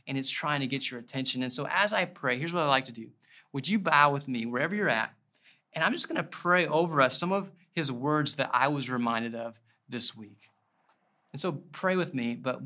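A male pastor preaching earnestly and praying, often repeating phrases and slowing down as he prays. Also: mid-range voice, bright, forceful tone. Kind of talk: sermon with closing prayer.

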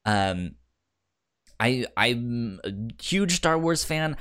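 A man co-hosts a casual podcast chat, halting through restarts and fillers while he has the hiccups. His medium-pitched voice is very animated, a bit bright, clear and resonant.

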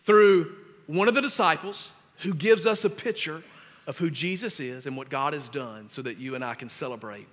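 A man preaching a sermon as pastor, with emphatic delivery that grows louder on scripture readings. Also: a little high, normal speed, big-room sound. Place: church sanctuary.

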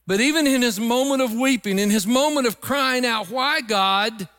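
A man's voice: very high-pitched, a little fast, a bit bright, clean tone, big-room sound. A middle-aged man preaching a sermon, emphatic and rising into sung phrases. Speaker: pastor.

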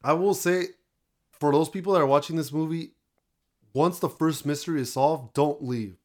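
A man's voice: fairly high pitch, moderate pace, darkish tone. Chatty man reviewing a movie. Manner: chatty, retells plots with fillers. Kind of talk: casual chat.

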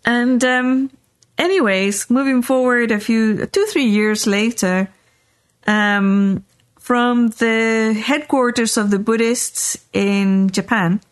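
A woman podcast host telling a story in casual chat, animated, often checking in with "right?". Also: a little high, slow.

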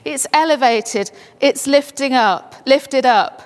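High-voiced woman preaching in a reverberant hall. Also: takes it slowly. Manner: builds to fervent exclamations. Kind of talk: sermon with scripture reading.

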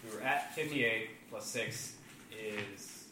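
A man running a tabletop game as game master, calling out rolls and rules in a measured way. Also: lowish voice. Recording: echoey room, distant mic, background noise.

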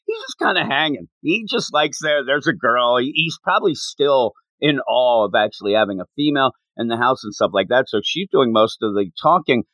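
Animated laughing man in casual chat. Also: a little high, normal speed, no echo. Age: adult. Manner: animated, laughs often, acts out quotes. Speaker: podcast co-host. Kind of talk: casual manga discussion.

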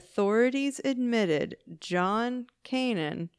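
A woman's voice: on the high side, animated, slow pace, smooth, no echo, studio quality. A woman hosting a podcast, telling a true-crime case in a casual, chatty way with wry asides and swearing. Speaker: podcast host.

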